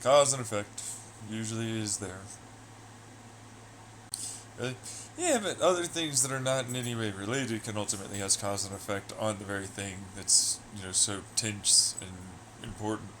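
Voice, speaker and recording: Man, low voice, casual livestream chat, rambling, profane, faint background hiss. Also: normal speed, a bit bright. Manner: loose, profane, trailing off into asides. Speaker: livestreamer chatting with viewers.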